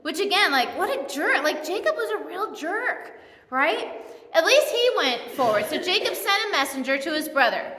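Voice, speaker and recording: A woman's voice: extremely high pitch, very animated, normal speed, background noise. A woman pastor giving a sermon in a church, retelling the story in a casual, humorous way. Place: church sanctuary. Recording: echoey church hall.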